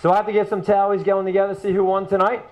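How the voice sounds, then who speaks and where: A man's voice: high-pitched, level tone, very fast, highs cut off. A man hosting a joke contest, upbeat and hyping the crowd. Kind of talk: casual emceeing.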